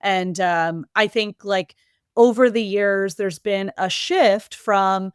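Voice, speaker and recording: A woman with a New England accent talking casually as a podcast guest, quick and lively with many fillers and restarts. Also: medium pitch, clear, resonant tone, no echo, clean studio sound. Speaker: podcast guest, marketing executive. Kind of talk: casual interview talk.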